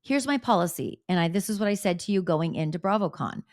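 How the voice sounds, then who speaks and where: Talking fast in a fairly low voice, this podcast host shares candid gossip in an animated, casual way, peppered with blunt swearing. The sound is clean studio audio with no echo.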